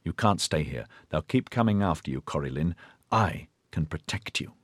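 A male narrator playing a ruthless man who barks commands in a loud, growling, belligerent voice. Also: very deep voice, expressive, normal speed, husky, dry recording, studio quality, pitched below the performer's own voice, full character voice. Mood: aggressive. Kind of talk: audiobook character voice.

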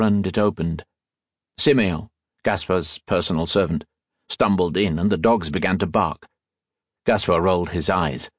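A man narrating an audiobook in a measured, steady storytelling manner, close to the mic. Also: sits low, husky, no room sound. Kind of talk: scripted narration.

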